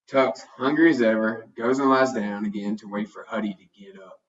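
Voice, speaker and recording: A man narrating a children's storybook in a steady, plain reading voice. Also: fairly low pitch, moderate pace. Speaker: storybook reader. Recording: dull, distant home recording.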